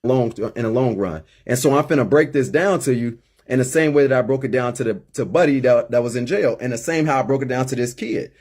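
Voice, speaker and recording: Husky-voiced man preaching hard from experience. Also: medium pitch, brisk, hardly any pauses, a little mellow. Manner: emphatic, repeats words when worked up. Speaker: call-in show host. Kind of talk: impassioned monologue.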